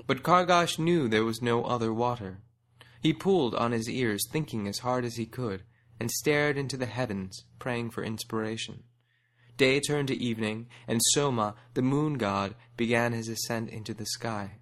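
A man reads a fable aloud at a measured, rhythmic pace. His voice sits at an ordinary middle pitch for a man, steady and unhurried. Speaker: narrator. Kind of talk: scripted storybook narration.

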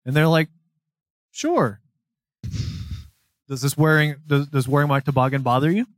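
A man's voice: on the high side, normal speed, no echo. A young man co-hosting a podcast, telling a long story in casual chat, rambling, swearing and laughing as he goes. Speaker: podcast co-host.

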